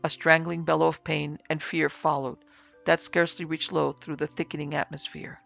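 Gravelly male ghost-story narrator. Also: on the high side, level tone, normal speed, fairly bright tone, lo-fi sound, soft background music.

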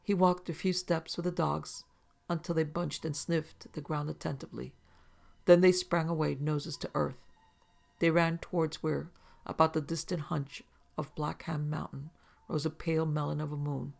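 A man narrating an audiobook story in a measured, descriptive way. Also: on the high side, flat delivery, creaky.

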